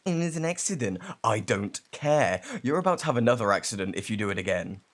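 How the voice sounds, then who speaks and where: A surly young British student bully, rude and curt on the surface but shaky underneath, as a young man acts him out. His voice sits a little low. He talks in a close ASMR role-play. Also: lively intonation, fairly quick. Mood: hostile.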